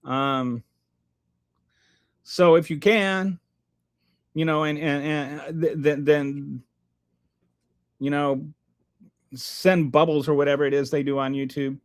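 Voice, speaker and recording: A man's voice: on the high side, fairly even intonation, slow, long pauses, clear, resonant tone. A man hosting a live stream, reading chat aloud and answering with sarcastic, rambling commentary full of restarts.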